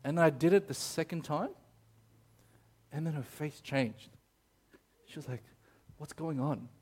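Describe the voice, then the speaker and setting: A male preacher with a somewhat high voice who delivers his sermon like a chat. He keeps checking in with the crowd, and he stumbles and restarts as he tells his story. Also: measured pace, darkish tone, slightly rough. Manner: many fillers and restarts when telling stories.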